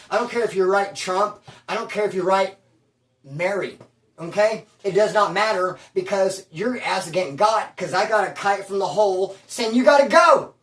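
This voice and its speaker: A man from Bakersfield telling prison stories at home, animated and slangy, calling the listener bro and dude. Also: high voice, normal speed, far from the mic. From Bakersfield, California. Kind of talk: casual storytelling. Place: at home, indoors. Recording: roomy room, from off mic.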